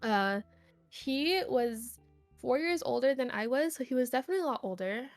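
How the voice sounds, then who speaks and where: A woman's voice: sits high, moderate pace, no echo, soft background music. A young woman, a streamer guest on a podcast, rambling through a personal story and filling it with "like". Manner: rambling, heavy use of "like", animated retelling. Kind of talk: casual storytelling chat.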